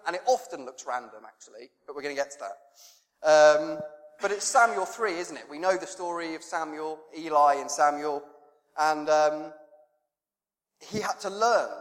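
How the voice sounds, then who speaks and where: A male pastor preaching a sermon in a conversational, self-deprecating way, acting out prayers and children's chatter. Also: on the high side. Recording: long reverb in a church hall.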